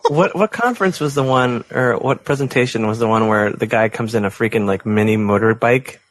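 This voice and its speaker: A man's voice: medium pitch, a little fast. A man co-hosting a casual podcast, telling long rambling stories with lots of "like" and restarts. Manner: rambling storyteller, many fillers and restarts. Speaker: podcast co-host. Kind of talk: casual chat.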